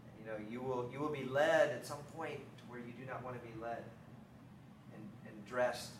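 A middle-aged man giving a sermon, telling stories lively and then turning quiet and reflective. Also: medium pitch, a little fast, background noise. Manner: animated storytelling, acting out scripture dialogue. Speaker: speaker on faith and parenting. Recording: roomy echo, mic at a distance.

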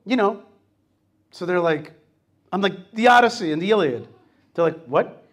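A man talks as host of a radio show, telling stories with energy and acting out other people's lines. His voice sits fairly high for a man. He is middle-aged and casual. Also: moderate pace. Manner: animated storytelling, acts out quotes.

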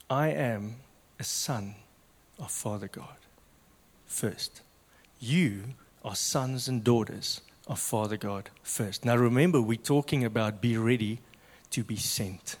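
A man preaching a sermon with passion, swinging from loud to hushed. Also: medium pitch, big-room sound.

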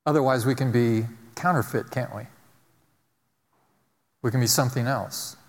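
A man's voice: mid-range voice, normal speed, long reverb tail. A man giving a conversational sermon, telling stories and asking the congregation rhetorical questions. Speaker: pastor.

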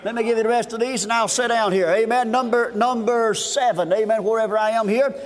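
A man preaching a fervent revival sermon, shouting and repeating his refrains, recorded at a conference. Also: extremely high pitch, steady tone, brisk, in a large hall. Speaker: guest preacher.

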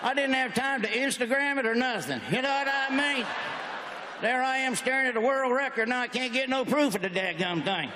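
A man's voice: extremely high pitch, brisk, noisy background. A middle-aged man with a Southern American accent doing a stand-up routine, drawling through stories and acting out the people in them. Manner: drawling storyteller, acts out characters. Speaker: stand-up comedian. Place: large auditorium on stage. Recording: live hall reverb, faint ambience.

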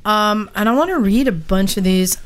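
Host voice, mid pitch, easygoing, faint hiss. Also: normal speed, fairly bright tone. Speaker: podcast host. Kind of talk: casual chat, running the show.

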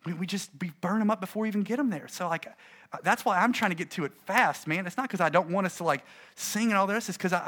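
A middle-aged male pastor talks to a room of preachers in a loose, conversational way. His voice sits a little high for a man. He acts out anecdotes with lively swings of voice. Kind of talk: conference talk to preachers.

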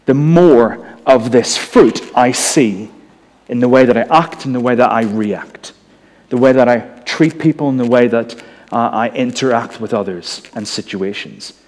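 A man with a softened Northern Irish accent preaching a sermon in a conversational way, with humorous asides. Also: mid-range voice, measured pace, long reverb tail. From Northern Ireland.

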